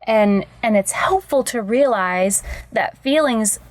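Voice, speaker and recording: A woman's voice: fairly high pitch, animated, slow, dry recording. A woman co-hosting a parenting podcast as a counselor, speaking in a thoughtful, reflective way in casual chat.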